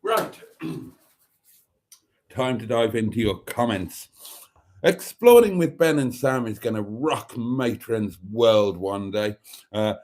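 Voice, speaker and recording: A man's voice: lowish voice, lively intonation, unhurried, darkish tone. A middle-aged man, chatting casually on a live stream and reading viewer comments aloud with playful asides.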